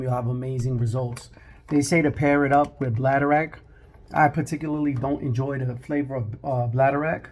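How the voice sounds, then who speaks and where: Man, barber, casual vlog chat, gravelly, conversational, barbershop. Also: mid-range voice, darkish tone. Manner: conversational, with frequent "right?" tags.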